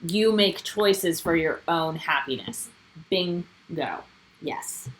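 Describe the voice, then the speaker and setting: A woman co-hosting a casual recap show, chatting and quoting people with animated emphasis. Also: lowish voice, slow, poor audio. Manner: animated, quotes cast members. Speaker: co-host.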